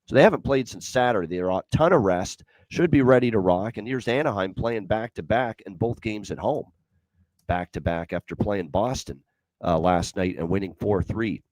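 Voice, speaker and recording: A man's voice: lowish voice, normal speed, a little mellow, dry recording. A man hosting a sports betting show, talking through picks with lots of fillers and repeated stats.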